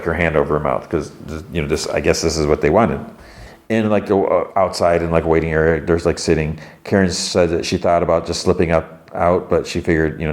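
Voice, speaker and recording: A man's voice: deep voice, darkish tone. A man hosting a podcast, casually retelling a TV episode scene by scene and quoting the characters' lines, with plenty of fillers along the way. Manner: retells scenes with quoted dialogue, many fillers. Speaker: podcast host.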